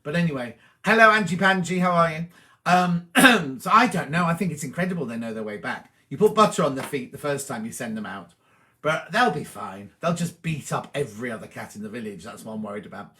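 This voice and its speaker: A man's voice: mid-range voice, animated, a little fast, sharp tone. A middle-aged man hosting a live stream, chatting cheerily and answering viewers' comments as he reads them out. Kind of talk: casual live chat.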